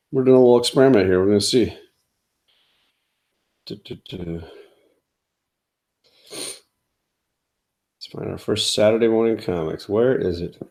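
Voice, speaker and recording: Rambling low-voiced man hosting a comics stream. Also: darkish tone. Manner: rambling, lots of fillers. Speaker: comics livestream host. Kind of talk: casual livestream chat. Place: home, in front of a comic display.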